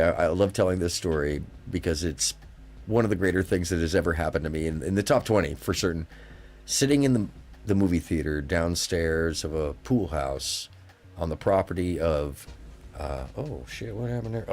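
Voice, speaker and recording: A man's voice: low voice, a little mellow. A man hosting a live call-in stream, telling stories in a rambling, emphatic way. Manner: rambling storyteller, emphatic, drifting pace. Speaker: livestream call-in host. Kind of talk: casual call-in chat.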